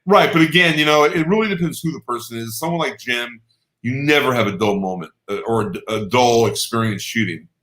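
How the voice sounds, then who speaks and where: A man, a guest photographer, telling stories in casual chat, animated and quick to laugh and exclaim. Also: medium pitch, echoey room.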